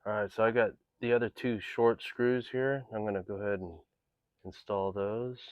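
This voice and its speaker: A man's voice: lowish voice, steady tone, normal speed, no echo, dull audio. A man hosting a home DIY video, talking casually and narrating each step of the job as he works. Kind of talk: casual step-by-step how-to tutorial.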